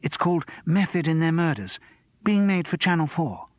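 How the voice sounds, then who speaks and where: A man's voice: a little high, big pitch swings, moderate pace, no echo, highs cut off, voice pushed up. A man voicing a flustered young woman who works in television, speaking in urgent, breathless hisses. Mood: hushed. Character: flustered young woman TV researcher herding guests.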